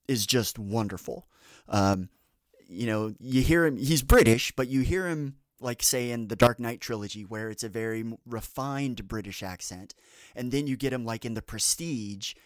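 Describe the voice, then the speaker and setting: A man hosts a relaxed podcast conversation, drifting from one tangent to the next with plenty of "um"s and false starts. His voice sits at a middle pitch and sounds dry and close, with little room around it. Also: no room sound. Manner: rambling, many fillers and restarts. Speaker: podcast host. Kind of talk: casual podcast chat.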